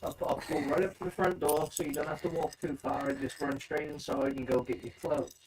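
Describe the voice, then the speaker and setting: A man chiming in on his partner's story, cutting in to correct and add details. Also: on the high side. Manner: interjects to correct and add details, quick and lively. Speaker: host's partner, guest. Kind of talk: casual chat, chiming in on a story. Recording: off-mic, distant with faint background noise.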